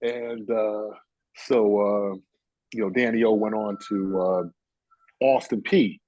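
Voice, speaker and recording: A man's voice: on the low side, fairly even intonation, slow, warm tone, dry recording, lo-fi sound. A man in his sixties from New York, a guest telling rambling stories full of "you know" and "uh". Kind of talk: casual storytelling chat.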